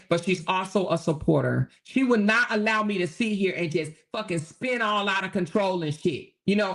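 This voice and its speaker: A brash, sassy woman hosting a livestream, talking straight to her chat. Her rant is loose and profane, and she hammers her points home by repeating them. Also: mid-range voice. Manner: talks straight to chat, repeats phrases for emphasis. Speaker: livestream host.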